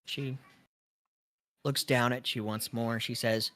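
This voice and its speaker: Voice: mid-range voice, fairly even intonation, a little slow, fairly bright tone. A game master narrating a tabletop role-playing game in a casual, hesitant way, with many fillers.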